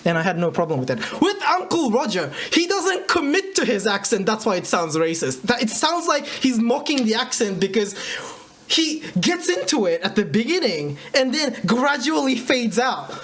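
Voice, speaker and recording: A man's voice: extremely high pitch, very animated, normal speed, fairly bright tone, a little hiss or hum. A man rambling through livestream reaction commentary, correcting himself and laughing at his own words. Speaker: commentary streamer.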